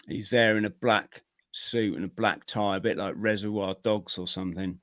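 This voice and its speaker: A middle-aged man, a podcast guest, telling his own story in a vivid, energetic way with plenty of slang. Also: on the low side, moderate pace, no echo, clean studio sound. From Britain. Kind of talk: personal storytelling in an interview.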